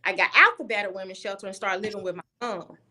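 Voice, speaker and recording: Appearing as a guest on a video call, a young woman tells a personal story with candid bluntness, frequently starting her sentences over. Her medium-pitched voice is fast, bright and forceful.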